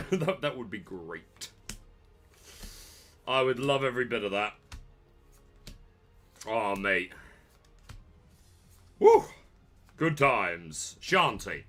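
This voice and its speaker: A bright, sharp-toned man in his thirties, chatting unhurriedly through a pack opening. He jokes, trash-talks the cards and breaks into excited shouts. A little music plays underneath. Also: mid-range voice. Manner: excitable, jokey trash talk with sudden shouts. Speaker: trading card channel host. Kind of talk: casual pack-opening commentary.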